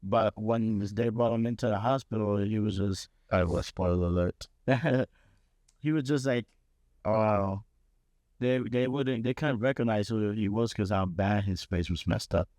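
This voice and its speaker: A man's voice: lowish voice, moderate pace, a little mellow, no echo. A man in his late teens co-hosting a casual podcast chat, joking and defensive. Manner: playful, defensive, jokey. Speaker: podcast co-host.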